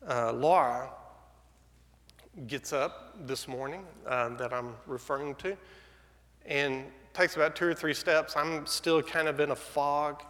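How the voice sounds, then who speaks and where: Bright-voiced man preaching in an echoey hall. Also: mid-range voice. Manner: conversational, halting with fillers and restarts. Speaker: pastor. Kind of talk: storytelling sermon.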